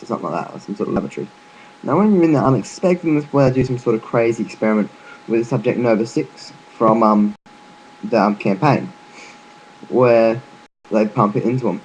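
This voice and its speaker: Low-voiced man rambling casually. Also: darkish tone, slight background noise, low-quality recording. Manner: loose and chatty, with frequent fillers and restarts; offhand, with occasional swearing. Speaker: gaming video narrator.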